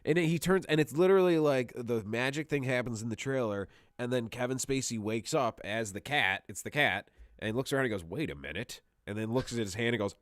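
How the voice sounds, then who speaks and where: This man co-hosts a laid-back podcast, telling rambling stories full of swearing and laughing a lot. His voice sits at a medium pitch and moves fairly quickly. The studio recording is clean, with no echo.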